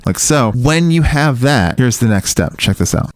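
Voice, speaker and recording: Relaxed man counting beats while teaching. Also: mid-range voice, normal speed, hardly any pauses. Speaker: drum teacher. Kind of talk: instructional demonstration with counting. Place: recording studio. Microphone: studio mic near the drum kit.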